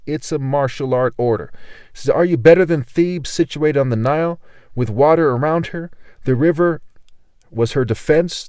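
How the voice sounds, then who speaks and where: A man's voice: fairly high pitch, darkish tone, no echo, clean studio sound. A man reading scripture aloud and rambling through his own commentary, often tagging his sentences with "right?" and repeating words. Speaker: self-styled religious teacher.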